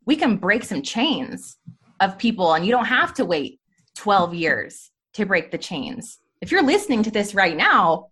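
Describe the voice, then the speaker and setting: Speaking unhurriedly in a mid-range voice with a breathy edge, this thirtysomething woman is a guest on a faith podcast. Her testimony comes out as candid, lively storytelling, full of "like" and "you know."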